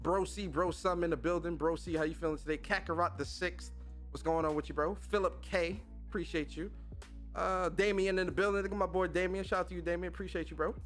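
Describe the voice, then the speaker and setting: A man hosts a casual livestream podcast and calls out to his chat in quick, slang-filled bursts. His voice sits a little on the high side, and his delivery stays loose and energetic. Soft music plays faintly behind him. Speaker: podcast host.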